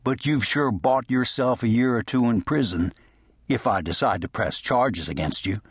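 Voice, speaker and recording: Man doing a stern western sheriff, low firm voice, husky, dry. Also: normal speed, no echo, close to an everyday voice. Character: stern, steady frontier sheriff.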